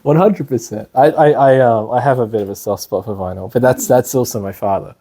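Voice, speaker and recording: A man's voice: mid-range voice, a little fast, mellow. A young man giving a casual, rambling lecture to a class, full of "you know" and asides. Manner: chatty and rambling, with frequent "you know" and laughs. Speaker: meditation class teacher.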